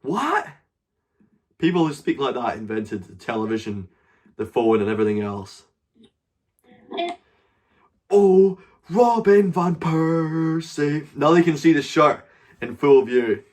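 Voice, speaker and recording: A man's voice: medium pitch, lively intonation, normal speed. A man with a Scottish accent hosting a live stream, bantering crudely with strangers and swearing freely. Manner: crude, swears freely, loud mocking outbursts.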